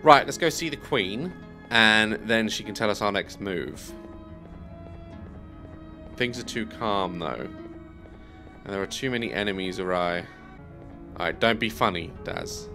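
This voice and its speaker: A man's voice: fairly low pitch, expressive, unhurried, pauses often, bright, forceful tone, soft background music. A man giving let's play commentary on a video game, chatty and bemused, thinking aloud as he plays. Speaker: gaming YouTuber.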